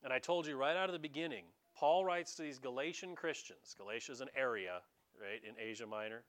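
A pastor preaches a conversational sermon straight to his congregation, animated and dramatizing as he goes. His voice is medium in pitch and a little fast.

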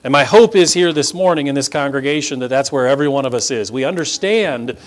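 A man's voice: mid-range voice, lively intonation, fast. A man pastor preaching a sermon to his congregation from the pulpit, emphatic and piling up words in rhetorical lists. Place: church sanctuary before a congregation.

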